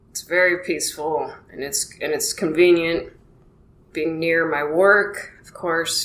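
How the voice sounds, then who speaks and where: A woman's voice: fairly low pitch, a bit bright. Chatty woman in an echoey room. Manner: chatty, self-deprecating, acts out quoted exchanges. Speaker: comedian podcast host. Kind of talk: casual rambling monologue. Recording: echoey room with faint noise.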